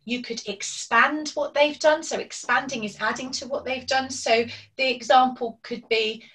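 A woman's voice: sits high, fairly even intonation, moderate pace, fairly bright tone. A woman presenting a parenting webinar online, explaining strategies and acting out examples. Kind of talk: online training talk. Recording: distant from the microphone.

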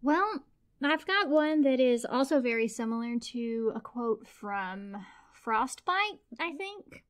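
A woman's voice: a little high, expressive, takes it slowly. A woman co-hosting a podcast, chatting playfully and emphatically about a book. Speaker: podcast co-host. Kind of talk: casual book chat.

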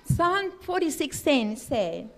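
High-voiced woman giving an earnest sermon. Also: big pitch swings, takes it slowly. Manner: earnest, emphatic, non-native English phrasing. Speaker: lay preacher. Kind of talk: personal testimony sermon. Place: church.

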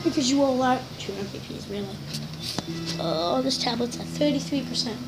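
Brief: woman gamer host, high voice, chatty and self-mocking over game music. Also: animated, normal speed, poor audio. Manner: rambling, giggly, self-mocking, addresses viewers. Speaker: gaming video host. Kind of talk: casual let's-play commentary.

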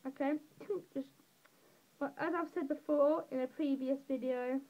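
Highs are cut off in this clip of a teen tutorial maker from southeast England giving a loose, giggly commentary while colouring. Her pitch sits high, her tone stays steady and her pace is measured. She keeps putting herself down with little laughing remarks.

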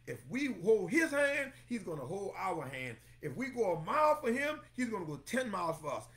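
A man's voice: high voice, big pitch swings, normal speed, fairly bright tone. A man preaching a Bible lesson, exclaiming often and calling congregation members by name while repeating phrases for emphasis. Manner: repeats phrases for emphasis, breaks into song snippets. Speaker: pastor teaching Bible study. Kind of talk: lively sermon-style Bible lesson.

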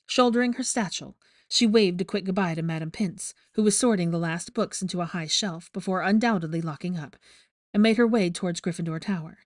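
A woman reading fan fiction aloud with steady, measured storytelling. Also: fairly low pitch, no room sound, clean studio sound. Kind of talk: audiobook narration.

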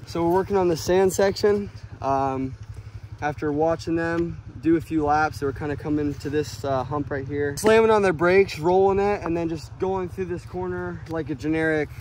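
A man's voice: a little high, moderate pace, darkish tone, slight background noise. A man coaching riders at an outdoor sandy dirt-bike track, direct and encouraging, sometimes imitating throttle sounds. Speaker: motocross coach.

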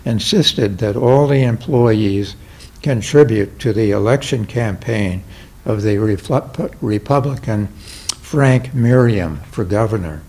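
An older man reading his own memoir aloud, with a slow, measured delivery and light voicing of the people he quotes. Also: on the low side, a little mellow. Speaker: memoir reader.

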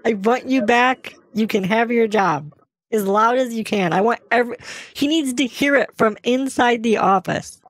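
A man's voice: very high voice, normal speed, a bit bright, no echo. A man using a voice changer to play a bossy, scatterbrained young woman caller who keeps saying "like". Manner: rambling, bossy, full of "like". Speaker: scam baiter.

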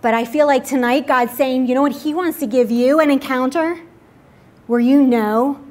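High-voiced woman leading church prayer. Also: normal speed. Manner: gentle, inviting, repeating "just". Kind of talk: sermon altar call and prayer. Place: church service.

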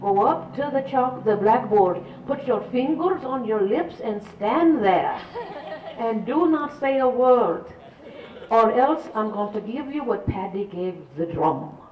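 A woman's voice: a little high, animated, measured pace, pitched above the performer's own voice. An older woman voicing a stern nun with a put-on Irish brogue who scolds a chatty schoolgirl. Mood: scolding. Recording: echoey, distant, dull room recording.

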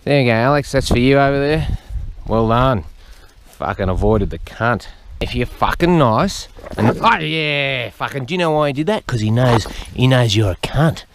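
A man's voice: mid-range voice, expressive, normal speed, a little hiss or hum. A man, talking to his farm animals in a blunt, profane comic monologue outdoors. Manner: sweary, blunt, chatting to the animals. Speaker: farmer feeding animals.

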